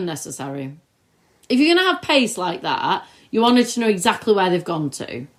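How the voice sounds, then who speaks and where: A woman co-hosting a chat podcast, reviewing a TV episode and acting out scenes in quick put-on voices. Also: fairly low pitch, very animated. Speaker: podcast co-host. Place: recorded together in the same room.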